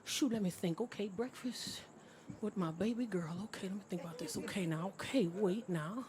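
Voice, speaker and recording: A woman voicing an older man who dithers slowly over plans. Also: sits high, background noise, natural voice. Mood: dithering. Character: older man, slow and fussy, wakes at dawn.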